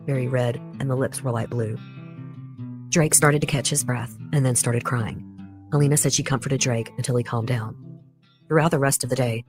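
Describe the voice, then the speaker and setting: A podcast host reading a scripted true crime case in a measured storytelling way, with pointed personal asides. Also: mid-range voice.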